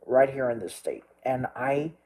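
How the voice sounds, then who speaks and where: A man's voice: mid-range voice, expressive, a little slow, darkish tone, poor audio. A young man from Texas, a storm chaser vlogging, rambling emotionally and crying as he repeats himself. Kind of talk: emotional vlog rant.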